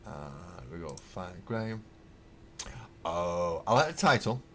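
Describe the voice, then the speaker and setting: A man hosting a casual livestream while painting miniatures, rambling wryly and thinking out loud as he answers viewer comments from his hobby room at home. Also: sits low, big pitch swings, measured pace, slight background noise. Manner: rambling, wry, thinks aloud with fillers. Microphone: webcam.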